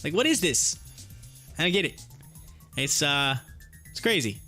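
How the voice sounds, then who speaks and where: A man with a notably high voice talks loosely on a live stream, spinning long rambling stories packed with fillers and quick laughs. Faint music sits quietly behind him. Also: big pitch swings. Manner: rambling, chatty storytelling with frequent fillers and laughs. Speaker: day-trading live stream host. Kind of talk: casual live-stream chat.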